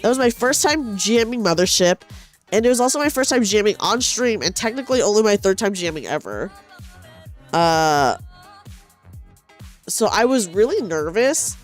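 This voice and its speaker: A young woman streamer talks casually as she knits, rambling and restarting her sentences in a self-deprecating way. Her voice sits at a middle pitch. Faint music plays behind her. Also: very animated, moderate pace, long pauses. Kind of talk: casual chat while knitting.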